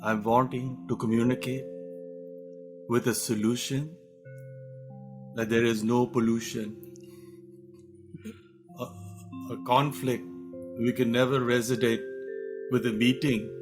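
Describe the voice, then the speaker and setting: A man voicing a grandiose male meditation guru, chanting slow rhyming mock-solemn lines. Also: medium pitch, flat delivery, music in the background, natural voice.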